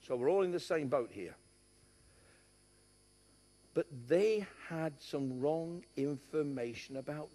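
A middle-aged man with a West London accent preaches a sermon in a high, lively voice that swings widely in pitch. He drives his points home emphatically and drops in joking asides. His voice carries a long reverb from a large hall. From born in Scotland, raised partly in London.

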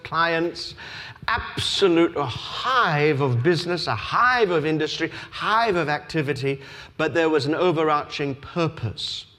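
Middle-aged guy preaching a sermon, grew up in australia, fairly high voice, tells stories then gets fired up. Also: fairly bright tone. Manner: storytelling, rising to emphatic preaching. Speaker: pastor.

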